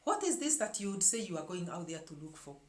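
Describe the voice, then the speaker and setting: A woman's voice: on the low side, big pitch swings, fast talker, darkish tone. A woman hosting her own show, telling a story to her viewers in an emphatic way and often repeating words as she searches for the next one. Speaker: show host. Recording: echoey room.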